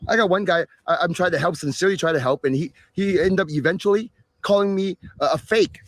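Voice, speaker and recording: A man's voice: high-pitched, fast talker, no room sound. A man hosting a live stream, talking casually to viewers in a sarcastic, exasperated rant. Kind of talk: ranting casual talk to viewers.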